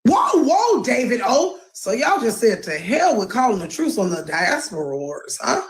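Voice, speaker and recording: A sarcastic woman host with a higher, very lively voice swings her pitch theatrically. She sounds like she is in an echoey room. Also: moderate pace. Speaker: news show host. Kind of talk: satirical news commentary.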